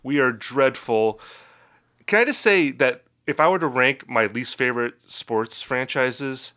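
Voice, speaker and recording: Man, podcast host, sports talk rant, animated, sharp bright voice. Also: mid-range voice, a little slow. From Wisconsin, middle of the country. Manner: animated, mock-outraged ranting.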